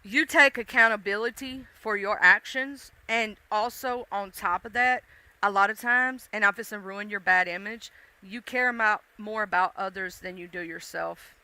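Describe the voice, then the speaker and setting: A woman's voice: mid-range voice, fairly even intonation, normal speed, bright, forceful tone, clear, resonant tone, no room sound. A woman hosting a casual livestream, chatting playfully with viewers with lots of fillers and laughs. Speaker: livestream host.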